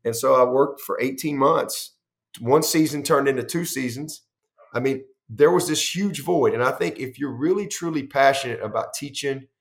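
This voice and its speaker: A middle-aged head football coach, in a conversational interview, spins long, animated stories with a mid-range voice. He often restarts sentences and acts out the dialogue he quotes.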